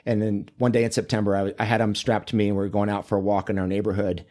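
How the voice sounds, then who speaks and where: Warm, low-voiced man telling stories casually. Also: quick pace. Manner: relaxed, chatty storytelling with many fillers. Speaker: guest, men's coach and author. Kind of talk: casual interview conversation.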